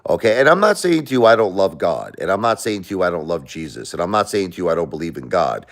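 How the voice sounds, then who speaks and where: Middle-aged American man, deep voice, livestream host, blunt and emotional. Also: sing-song, quick pace. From United States. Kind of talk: livestream rant.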